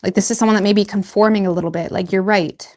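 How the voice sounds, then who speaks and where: A woman's voice: medium pitch, steady tone, very fast, darkish tone. A woman giving a casual tarot reading, chatty and loose, laughing at herself and filling her talk with "like" and "you know". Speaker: tarot reader.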